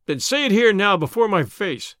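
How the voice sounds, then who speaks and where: Man playing fiery young irishman, bold and defiant, lively voice, dry sound. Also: sits high, normal speed, dry recording. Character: hot-tempered young Irish newcomer, quick to quarrel.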